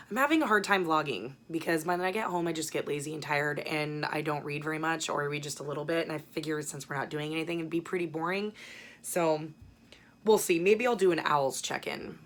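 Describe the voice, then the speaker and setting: This young adult woman talks quickly in a low, slightly bright voice. She's a book vlogger chatting casually about a book haul, rambling and swearing every so often.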